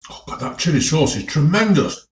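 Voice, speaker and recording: A food vlogger from the English Midlands chats away to his viewers, his lively voice rising and falling and pitched slightly high for a man. He tastes his food with obvious enthusiasm at a normal speed in an echoey room, in a casual tasting vlog.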